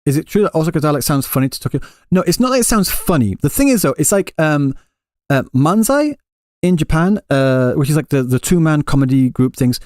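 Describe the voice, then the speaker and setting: A man's voice: fairly high pitch, expressive, fairly quick, darkish tone, no echo, clean studio sound. A male streamer living in Japan answering live chat questions in a casual, rambling way with many restarts. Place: Japan, Kansai area.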